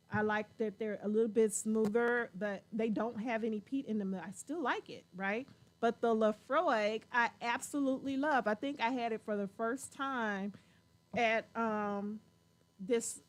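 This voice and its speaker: Woman host, casual chat, slightly higher pitch, lively and giggly. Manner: chatty, animated, laughs often. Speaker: show host.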